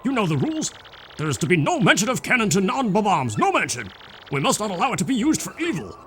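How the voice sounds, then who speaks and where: A man voicing a stubborn, secretive old male Bob-omb mayor in halting, broken speech with a clumsy Russian-style lilt. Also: high-pitched, wildly swooping pitch, a bit bright, a little hiss or hum, pitched above the performer's own voice, heavily acted. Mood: indignant. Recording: game music behind.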